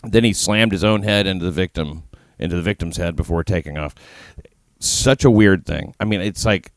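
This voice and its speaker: Low-voiced man, dry sardonic podcast host. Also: moderate pace, no room sound. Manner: sardonic, dry deadpan commentary. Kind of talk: casual podcast chat.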